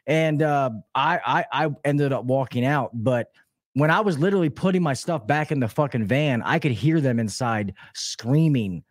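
A man's voice: mid-range voice, normal speed, no echo, clean studio sound. A man who works as an HVAC technician, a podcast guest telling work stories with lots of swearing and restarts. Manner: profane, rambling storyteller with many restarts. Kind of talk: casual podcast chat.

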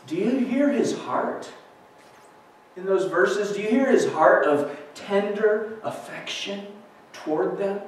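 A man's voice: sits high, animated, measured pace. A man preaching a sermon as a pastor, earnest and questioning, reading scripture aloud between his points. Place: church sanctuary. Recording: echoey church recording from far off.

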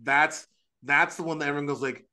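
A man speaking as an Orthodox priest on a podcast, earnest and animated, with frequent restarts and quick asides. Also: a little high. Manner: earnest, animated, acts out quoted voices. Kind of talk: casual religious discussion.

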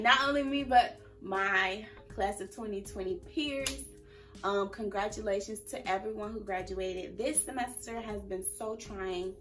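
A woman's voice: mid-range voice, far from the mic. A young woman in her early twenties talking casually to camera in a vlog, emotional and fighting back tears. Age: early 20s. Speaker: vlogger.

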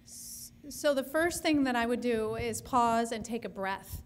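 A woman, a speech-language pathologist, answering audience questions at a breakout session in an explanatory, measured way, often restarting her sentences. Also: a little high, lively intonation, slight background noise.

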